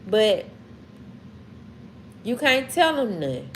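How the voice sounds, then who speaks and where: Slow-drawling Southern woman streamer. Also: fairly high pitch, big pitch swings, slight background noise. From Mississippi. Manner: slow, drawling, talks back to chat. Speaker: livestream host. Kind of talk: casual livestream chat reading comments.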